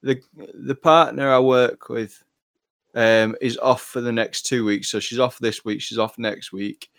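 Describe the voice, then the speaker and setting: Gravelly man, dry and close. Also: mid-range voice, fairly even intonation, unhurried, fairly bright tone, no room sound. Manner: blunt, crude, dry storytelling. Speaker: podcast co-host. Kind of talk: casual chat.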